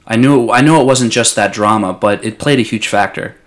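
A man's voice: lowish voice, a little fast. A young man in casual sports talk as a podcast co-host, passionate and blunt, swearing freely.

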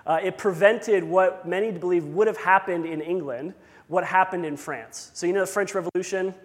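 A man's voice: sits high, steady tone, normal speed, long reverb tail. A man preaching a sermon as pastor, conversational with self-deprecating asides.

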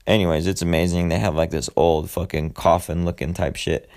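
A man with a very deep voice and a gravelly, creaky edge gives a casual movie recap. He curses constantly, rambles through fillers and side remarks, and talks like he's chatting with friends. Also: level tone, brisk, darkish tone. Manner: profane, rambling, heavy swearing; loose storytelling with many fillers and asides. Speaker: podcast host.

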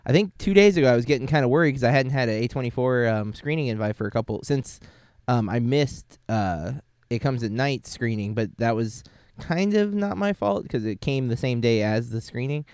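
A man's voice: mid-range voice, animated, a little fast, a little mellow, clear, resonant tone, dry recording, studio quality. A man hosting a movie club podcast, talking casually with lots of ums and uhs. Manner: rambling, many ums and uhs. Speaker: podcast host. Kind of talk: casual chat.

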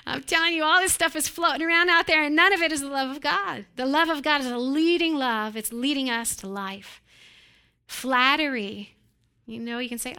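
High, bright woman preaching with laughing asides. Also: moderate pace. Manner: acts out quoted voices with animated, laughing asides. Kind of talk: sermon.

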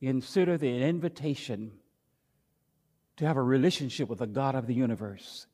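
A male pastor preaching a sermon with emphatic, repetitive phrasing that builds toward near shouting. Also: mid-range voice, moderate pace, long reverb tail.

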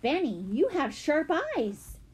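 Practical older sister read by a woman, breathy, lively pitch. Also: moderate pace. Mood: eager. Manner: practical, explaining.

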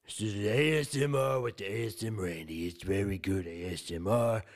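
Gravelly deadpan podcast co-host. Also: male voice, lowish voice. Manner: deadpan, stubborn, drawn-out jokes. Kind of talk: casual comedic podcast banter.

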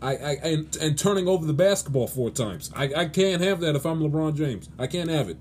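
A man's voice: on the high side, lively intonation, fairly quick, a little mellow, slight background noise. A man hosting his own sports show, ranting in a pleading, exasperated way with lots of restarts and stammers. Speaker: sports podcast host. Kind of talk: solo sports commentary rant.

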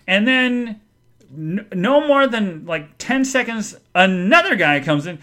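A man hosting a podcast, telling a story in a casual chat and acting out the people in it with sudden jumps in pitch and loudness. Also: measured pace. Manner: animated, acts out quoted people with big jumps in pitch and loudness. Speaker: podcast host.

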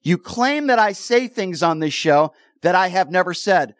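Combative radio host, high dry voice. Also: male voice, expressive, moderate pace, no room sound. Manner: combative, interrupting, repeats himself to hold the floor. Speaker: radio talk show host. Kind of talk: heated call-in radio argument. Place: radio studio. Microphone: studio microphone.

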